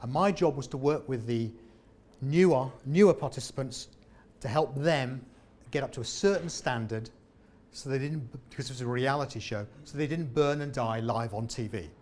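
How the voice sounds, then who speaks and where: A man, a former comedian, leading a lively interactive workshop on presenting and asking the audience questions. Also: medium pitch, normal speed. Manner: animated, jokey, questions the audience. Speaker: presentation trainer. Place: meeting room with an audience.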